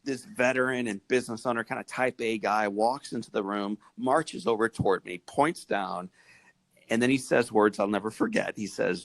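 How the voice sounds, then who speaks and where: A man in his forties from Missouri, telling his life story as a podcast guest with animated, preacherly swings in pitch. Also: normal speed, vocal fry, no room sound. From Missouri, USA.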